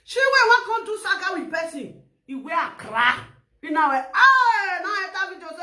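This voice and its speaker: A Nigerian woman with an Edo accent ranting loudly in a casual vlog, laughing often and mixing Pidgin with a local language. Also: very high voice, very animated, moderate pace, reverberant. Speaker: social media vlogger. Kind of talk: animated casual rant.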